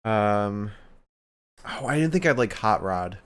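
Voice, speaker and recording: A man hosting a podcast with a very deep voice. His tone is smooth and resonant as he chats casually and swears now and then. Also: animated, slow, fairly bright tone. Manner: casual, swearing, reads listener questions. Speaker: podcast host. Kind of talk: casual chat.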